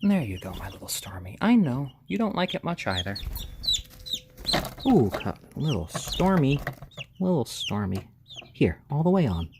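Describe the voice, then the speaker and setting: A man chats on a casual live stream at an unhurried pace. His voice swings widely from low to high as he gently soothes and hushes the little birds. He pauses now and then to thank viewers by name. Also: big pitch swings, background noise. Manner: gentle, soothing, hushing baby chicks; reads out viewer names and thanks them.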